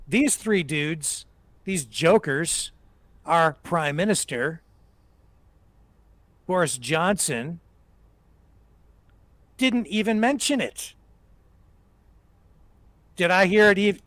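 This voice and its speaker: High-voiced man ranting on live commentary. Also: a bit bright, dry recording. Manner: emphatic, ranting, repeats his points. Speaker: political commentary host.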